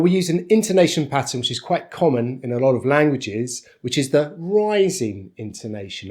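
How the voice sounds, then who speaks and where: A man with a British accent teaching an online pronunciation lesson, explaining clearly and deliberately with exaggerated rises and falls in his voice. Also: mid-range voice, a little mellow. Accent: British English.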